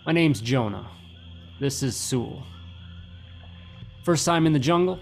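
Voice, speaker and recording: A man voicing a friendly young male rebel smuggler, speaking up in a higher, cheerful, halting voice. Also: expressive, gravelly.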